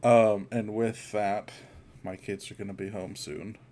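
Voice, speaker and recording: A man's voice: fairly low pitch, heavy background noise. A man narrating his character's actions in a tabletop game, laughing often. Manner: slow, lively, laughing often.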